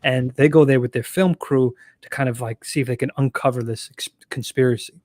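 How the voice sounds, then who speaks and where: A man's voice: mid-range voice, fairly even intonation, fairly quick, a little mellow, no room sound. Easygoing chuckling man guest. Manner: easygoing, chuckling, filler-heavy. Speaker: guest writer. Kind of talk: casual interview chat.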